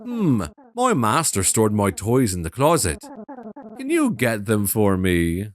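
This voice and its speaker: A man's voice: on the low side, huge pitch swings, takes it slowly, dry recording, studio quality, pitched below the performer's own voice, exaggerated voice. A man voicing a cheeky, faintly sinister magical boy doll with a put-on Irish accent.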